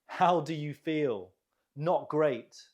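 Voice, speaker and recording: A man teaching an English vocabulary lesson, explaining words clearly and asking learners questions to repeat. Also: fairly high pitch, slow. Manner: clear, lively teaching delivery with rising questions.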